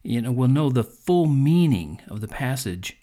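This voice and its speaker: A man's voice: mid-range voice, very animated, measured pace, warm tone. A man hosting a devotional podcast, talking in an earnest, conversational preaching manner with frequent fillers. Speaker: podcast host.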